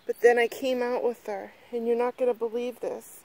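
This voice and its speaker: Gushing, excited woman vlogging outdoors. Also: fairly high pitch, normal speed. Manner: breathless and gushing, swears freely. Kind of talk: excited casual vlog. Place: outdoors in a yard. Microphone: handheld phone camera.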